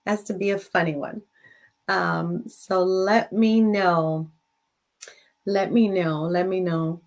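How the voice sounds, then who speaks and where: A woman's voice: lowish voice, fairly even intonation, slow. A middle-aged woman hosting a live show, chatting with viewers and telling stories, switching between English and Spanish as she laughs along. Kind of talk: casual bilingual live-stream chat.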